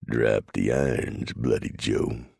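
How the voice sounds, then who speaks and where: A male narrator voicing a dim-witted, cowardly Texan outlaw with a Texas accent, in a very deep, gravelly voice. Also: steady tone, slow pace, darkish tone, no room sound, clean studio sound, exaggerated voice. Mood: threatening.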